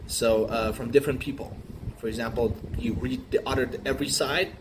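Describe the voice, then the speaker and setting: A man riffing through an improvised comic monologue, rambling and halting with many fillers and restarts. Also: medium pitch, steady tone. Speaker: comedian. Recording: noisy recording with room ambience.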